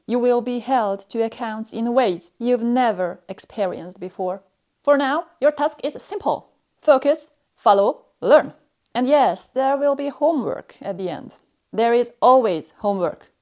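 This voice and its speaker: A woman teaching a language in a stern, cold, condescending manner, speaking in slow, clipped phrases with pauses between them. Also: fairly high pitch, a little mellow. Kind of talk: scripted lesson narration.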